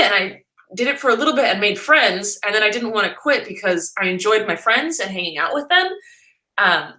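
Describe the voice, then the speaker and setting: A young woman vlogger chats in a bright, lively voice, joking as she answers viewer questions. Her pitch is on the high side. The room is echoey. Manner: chatty and playful, jokey asides.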